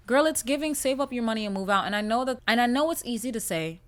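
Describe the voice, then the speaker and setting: A woman hosts a casual story-time podcast. Her voice sits a little high, and she tells the story bluntly and profanely. Now and then she jumps into loud, animated outbursts. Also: fast, few pauses. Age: 20s. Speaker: podcast host.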